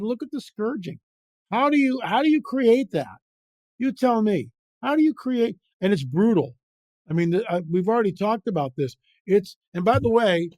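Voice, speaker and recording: In studio-quality audio without echo, the biblical researcher and author, a man with a slightly high voice, argues passionately as an interview guest. He repeats himself for emphasis and keeps throwing out rhetorical questions.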